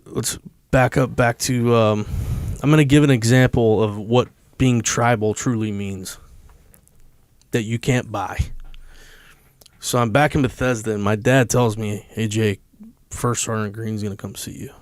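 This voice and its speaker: A man's voice: lowish voice, fairly even intonation, moderate pace, no room sound. A man from the United States, a podcast guest, telling a personal story in a candid, profane and emotional way.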